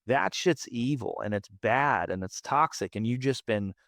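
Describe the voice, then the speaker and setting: A band frontman in his late thirties, appearing as a podcast guest, tells a raw personal story candidly, with emphatic swearing and frequent repetition. His mid-range voice is expressive and a bit bright, at a measured pace, recorded dry with clean studio sound.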